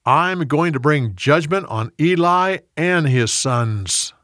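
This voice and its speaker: A solemn, firm divine voice pronounces judgment slowly, as a male reader gives it. The sound is dry and close, with expressive rise and fall. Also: a little high, no echo, voice pushed up.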